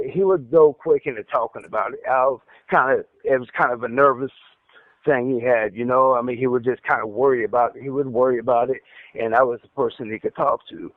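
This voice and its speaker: This medium-pitched man is an inmate giving his account on a recorded call over a tinny prison phone line, and the recording is dry. Stuttering, he rambles and repeats words, growing heated in the retelling.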